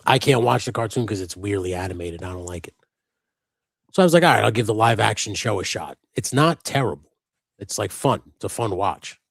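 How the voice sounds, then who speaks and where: A man's voice: low-pitched, no echo. A man co-hosting a live stream, chatting casually and loosely, swearing often and wandering between topics. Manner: loose and rambling, swears a lot. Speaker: co-host of a live customizing stream. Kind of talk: casual chat.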